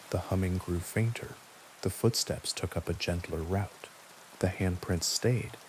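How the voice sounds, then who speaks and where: A man calmly narrating a first-person horror story in a measured, quiet way. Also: sits low, slight background noise, poor audio. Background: steady rain.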